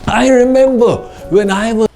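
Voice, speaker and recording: A man, a spiritual teacher, telling a moral story in a slow, measured discourse. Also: very high-pitched. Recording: soft music behind.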